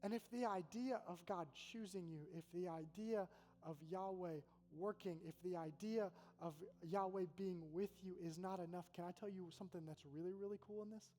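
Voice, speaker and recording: A man's voice: high voice, moderate pace, a little mellow. A man delivers a sermon as a college pastor, earnest and chatty, repeating key phrases for weight. His voice carries a long echo in a large hall with a faint hum underneath. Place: large hall with an audience in Oxford.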